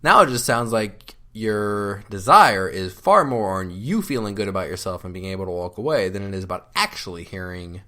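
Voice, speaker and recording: Sarcastic self-mocking husband, lively pitch. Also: male voice, moderate pace, few pauses. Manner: sarcastic, self-deprecating, mock-dramatic. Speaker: podcast co-host. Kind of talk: casual banter with spouse.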